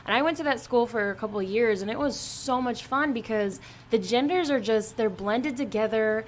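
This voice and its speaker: A woman's voice: a little high, moderate pace, slight background noise. A woman guest on a podcast talking casually, laughing often and saying "like" a lot. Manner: bubbly, laughs often, valley-girl style "like".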